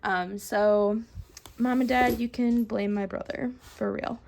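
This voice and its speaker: A young woman chatting casually in a vlog, showing her doll collection, full of ums and likes, sometimes dropping to a soft whisper. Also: a little high, a little slow, gravelly. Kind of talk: casual show-and-tell vlog.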